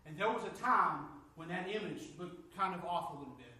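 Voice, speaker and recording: Animated preacher man in echoey church. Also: a little fast, distant mic. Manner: animated storytelling, rising loud and high when excited. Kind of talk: sermon. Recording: echoey room, from off mic.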